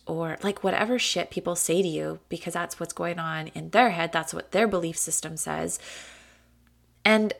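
Woman podcast host, slightly low voice, casual solo talk, candid, chatty, swears freely. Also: moderate pace, vocal fry. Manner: animated, laughs often.

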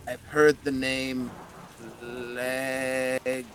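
A man voicing the cursed skull of a male werewolf gang member, talking in a rough, pained, gruff and slangy way. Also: medium pitch, flat delivery, extremely slow, a bit bright, a little hiss or hum.

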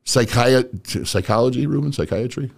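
Speaking in a creaky mid-range voice at normal speed, this motivational speaker, who also owns an auto business, talks casually to viewers. His delivery is blunt and street-casual, full of slang, and he addresses people as "bro" and "guys."

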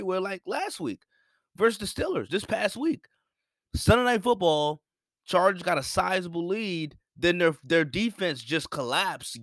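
A man's voice: a little high, fairly bright tone, dry recording, studio quality. A young man giving a casual, rambling sports opinion monologue, repeating himself for emphasis. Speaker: sports commentator.

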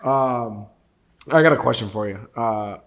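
Joking young podcast co-host. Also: male voice, mid-range voice, unhurried. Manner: joking, teasing banter. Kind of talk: casual podcast chat.

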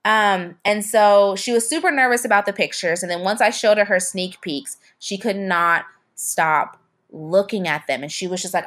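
A woman's voice: mid-range voice, moderate pace, fairly bright tone. Young woman guest, chatty storyteller, talks in loose restarting sentences. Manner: chatty, with many fillers and restarts. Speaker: photographer and podcast guest. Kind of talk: casual storytelling.

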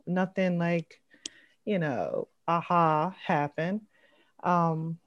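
A woman in her thirties talks through her week in a relaxed, rambling way, with lots of "like" and "um". Her voice sits a little low, and the call sound is dry and close with no room echo. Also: highs cut off. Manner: chatty, fillers and trailing "like", acts out quotes. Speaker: mom sharing her week. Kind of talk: casual group chat.

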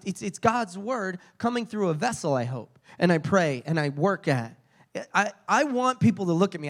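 High-voiced male preacher. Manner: storytelling, frequent restarts and repeated words. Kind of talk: sermon.

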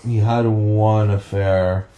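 Man, podcast co-host, casual chat, halting delivery, hunts for words. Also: on the low side, flat delivery, warm tone. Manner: hesitant, halting, searching for words.

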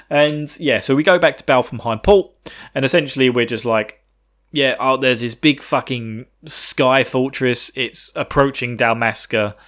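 A man's voice: mid-range voice, fairly bright tone. A man hosting a podcast, recapping a video game in casual, irreverent chat with swearing and chuckling asides. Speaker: podcast host.

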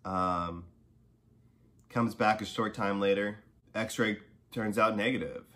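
A man's voice: on the low side, fairly even intonation, slow pace, bright, forceful tone. A man hosting a podcast, telling a personal story in a casual, conversational way, full of asides, getting heated when angry. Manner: conversational, many "you know" and "right?" asides. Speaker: podcast host.

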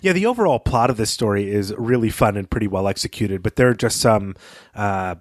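A man's voice: on the low side, lively intonation, fairly quick, no room sound. Guy recapping a story on a podcast, casual, dry close sound, a few uhs. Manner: conversational, with fillers and occasional laughs. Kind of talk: casual book discussion and recap.

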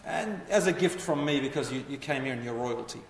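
A man voicing a haughty, quick-tempered Persian emperor in an indignant, commanding tone. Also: medium pitch, expressive, slight background noise, lightly acted. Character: haughty male Persian emperor, proud and easily angered. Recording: echoey hall, voice from far off.

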